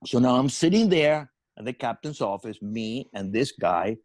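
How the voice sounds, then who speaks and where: An older male comedian telling a long, animated comic story, full of profanity and stumbling restarts. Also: mid-range voice, normal speed, no room sound.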